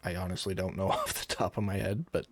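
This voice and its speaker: A man's voice: low-pitched, little pitch movement, quick pace, no echo. A man acting as game master, patiently explaining rules and describing the scene step by step. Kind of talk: running a tabletop game online.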